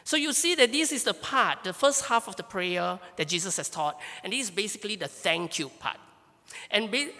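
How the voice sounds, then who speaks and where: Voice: medium pitch, animated, normal speed, pushed and bright. A pastor giving an earnest, emphatic sermon, often repeating words while finding the phrase. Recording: echoey hall reverb.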